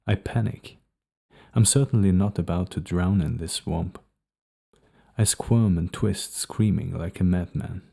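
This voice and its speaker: A man narrating a novel in the first person for an audiobook, reading in a steady, measured way. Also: sits low, vocal fry.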